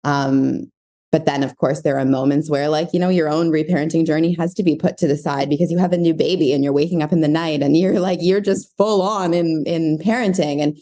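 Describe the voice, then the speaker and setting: A parenting coach appearing as a podcast guest speaks briskly in a deep, dark voice with fairly even intonation. In this casual interview she's reflective, searching for words and using many fillers.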